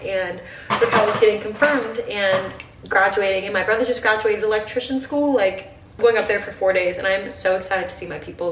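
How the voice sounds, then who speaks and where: A woman's voice: medium pitch, a bit bright, a little hiss or hum. A young woman from Ohio in her twenties chatting casually while getting ready, emotional and full of "like.". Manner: chatty, emotional, tearful at times, heavy use of "like". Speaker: vlogger. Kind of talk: casual get-ready-with-me chat. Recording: roomy, slightly distant home audio with faint ambience.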